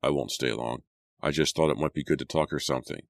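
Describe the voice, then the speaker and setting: A defensive teenage boy in a spoken thriller audiobook, snapping back with sarcasm and heat, as a man puts him on in his own low register. The voice is very deep and the sound dry and close. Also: quick pace, creaky, no room sound. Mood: subdued.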